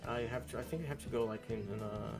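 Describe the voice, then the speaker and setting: A man's voice: mid-range voice, music in the background. A man co-hosting a podcast in casual chat, often stumbling and restarting as he talks. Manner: halting, restarts, teasing.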